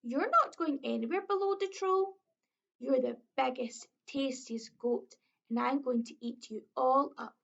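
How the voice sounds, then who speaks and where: A woman's voice: fairly high pitch, level tone, a little slow, gravelly. A woman with a Scottish accent voicing a horrid, hungry male troll that roars threats from under a bridge. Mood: menacing. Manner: roaring, threatening. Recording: dull lo-fi recording.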